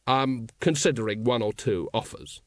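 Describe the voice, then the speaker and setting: A man voicing a gruff, weary middle-aged watchman in a storybook reading, grumbling in a low tone. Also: normal speed, dry recording, studio quality, natural voice. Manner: gruff and grudging.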